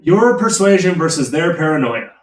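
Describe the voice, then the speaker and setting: A man narrates a tabletop game as game master, loose and halting with fillers. His voice sits somewhat high. He is heard from across an echoey room. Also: sing-song, background noise. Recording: roomy echo, from far off.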